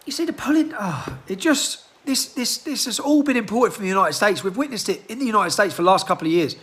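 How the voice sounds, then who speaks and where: A man delivering an agitated rant into his handheld phone, firing off rhetorical questions and clearing his throat. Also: high-pitched, lively intonation, quick pace, hardly any pauses, fairly bright tone. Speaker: political activist. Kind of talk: impassioned rant to a phone camera.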